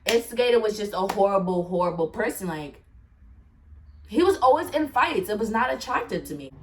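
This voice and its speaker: A woman telling a casual storytime, animated, swearing and laughing often. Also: mid-range voice, a little fast, distant mic, slight background noise. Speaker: storyteller vlogger.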